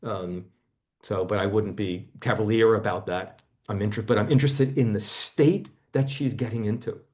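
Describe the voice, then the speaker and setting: A man teaching a seminar, gently guiding a volunteer through a body-focused therapy exercise over a video call, often dropping to a hush. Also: on the low side, fairly even intonation, normal speed.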